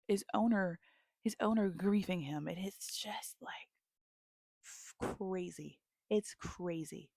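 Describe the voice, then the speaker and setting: A woman's voice: medium pitch, dry recording, clean studio sound. A young woman giving casual book recommendations to her viewers, telling stories with lots of feeling and now and then dropping into a whisper. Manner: animated storytelling, dropping into whispers at moments. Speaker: book vlogger.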